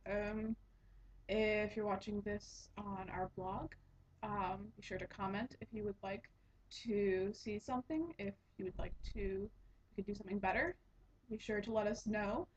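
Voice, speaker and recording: A woman's voice: medium pitch, steady tone, unhurried. A young woman hosting a casual knitting podcast, telling a rambling story with lots of giggles and restarts. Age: young adult. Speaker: podcast host and resident assistant. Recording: dull lo-fi home recording.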